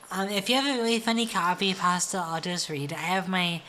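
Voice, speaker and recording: A woman's voice: medium pitch, bright, forceful tone, a little hiss or hum. A tipsy woman streamer chatting casually in a giggly, rambling way. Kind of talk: casual live-stream chat.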